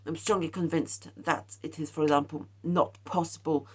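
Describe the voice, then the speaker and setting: A woman's voice: sits low, fairly even intonation, normal speed, breathy edge. A young woman musing aloud about her own philosophy in a rambling casual monologue, full of fillers, restarts and calls of "guys". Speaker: vlogger sharing a personal philosophy.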